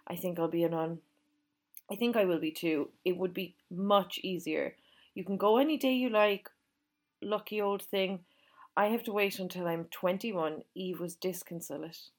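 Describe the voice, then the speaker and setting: A woman reads a novel aloud in a calm storytelling voice. Her voice sits a little low, and she gives each character's dialogue a light touch of its own. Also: normal speed. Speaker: reader. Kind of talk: audiobook reading of a novel.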